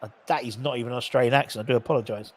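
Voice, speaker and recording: A man's voice: mid-range voice, steady tone, rapid-fire. A jokey, chatty man in a mid-range voice, talking through a football match live as it happens. He calls the passes loosely, trades banter with viewers and reads out their messages between the action. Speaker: host of a live match watchalong. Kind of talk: casual live commentary and chat reading.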